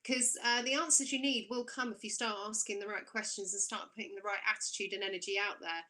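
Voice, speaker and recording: A woman's voice: mid-range voice, steady tone, fast, bright, forceful tone. A woman co-hosting as an intuitive coach, encouraging and emphatic as she gives spiritual advice. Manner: encouraging and emphatic, repeats key phrases. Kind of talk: live-streamed spiritual coaching.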